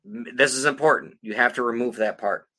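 Brash, profane man with a bright voice. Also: medium pitch, fairly quick. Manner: profane, blunt and heated. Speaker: podcast co-host. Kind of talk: casual profane rant.

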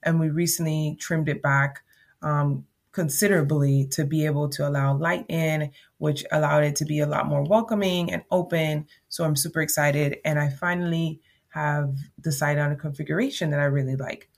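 A woman's voice: sits low, steady tone, normal speed, gravelly. A woman from Jamaica hosting a podcast, talking through a casual solo monologue in a chatty, rambling way with emphatic repeats. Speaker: podcast host.

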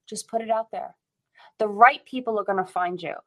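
A woman from the United States delivers a fierce, impassioned rant, hammering her points home with repetition and swearing. Her voice sits at an ordinary middle pitch for a woman, and she talks the way people do in a casual chat. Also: a little fast, fairly bright tone, poor audio.

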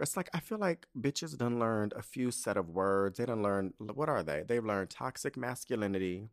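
Sassy, profane man ranting on a podcast. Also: moderate pace. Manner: sassy, profane, animated swings in pitch and loudness. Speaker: podcast host. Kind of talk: casual solo podcast rant.

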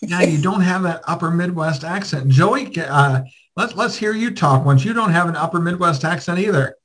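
Guy hosting a zoom show from a motel, kinda high voice, lots of ums and uhs. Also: normal speed, a bit bright, low-quality recording. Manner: rambling, filler-heavy. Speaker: show host. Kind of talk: casual video call chat. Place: motel room. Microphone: video call.

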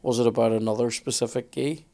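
A man's voice: medium pitch, steady tone, fast, mellow. A man chiming in with sweary, jokey remarks in casual podcast chat. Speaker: podcast co-host.

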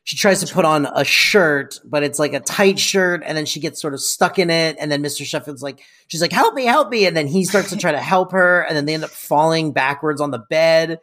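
A relaxed podcast co-host chimes in on a sitcom recap, speaking casually and loosely with plenty of fillers. The voice sits at a plain middle pitch. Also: fairly quick, few pauses.

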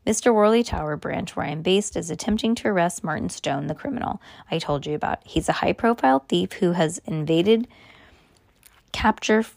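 A woman's voice: lowish voice, moderate pace, gravelly, a little mellow, dry recording. Woman voicing an earnest boy, careful, explanatory, dry storybook reading.

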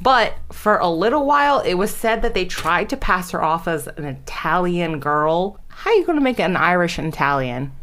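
A woman's voice: lowish voice, very animated, moderate pace, few pauses, fairly bright tone, slight background noise. A woman telling a true story in casual chat, giggly, often trailing off and restarting.

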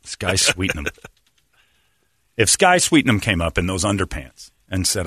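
A man's voice: sits low, sing-song, unhurried, sharp tone, husky, no room sound, studio quality. A middle-aged man hosting a podcast, telling rambling, crude, jokey stories in casual chat. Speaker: podcast host.

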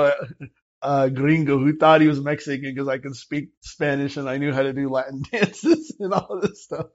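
An interview guest, a man, tells a personal story in an animated way and acts out the people in it. His voice is mid-pitched. The recording sounds slightly dull and lo-fi.

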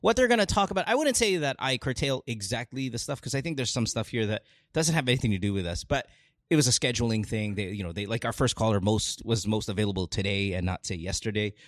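Lively Filipino man hosting a chat. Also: fairly low pitch, quick pace, no room sound, studio quality. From Philippines. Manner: lively, laughing, rambling. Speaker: podcast host. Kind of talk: casual chat.

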